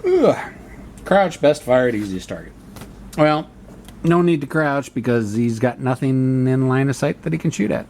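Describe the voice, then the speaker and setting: A man's voice: medium pitch, animated, moderate pace, a little mellow, slight background noise. A man playing a solo board wargame, thinking aloud and reading the rules to himself as he works through each turn. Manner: muttering, reads rules aloud and reasons through them.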